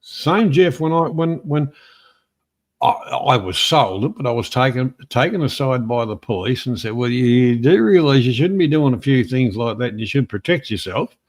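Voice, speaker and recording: A man's voice: mid-range voice, expressive, moderate pace. A man from Australia chatting on a live stream, stammering and starting his sentences over. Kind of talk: casual chat on a live stream.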